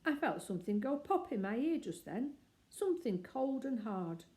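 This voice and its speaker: A woman reading aloud and voicing a kindly, gentle older male shopkeeper. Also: on the high side, very animated, moderate pace, voice pushed up. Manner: gentle, protective.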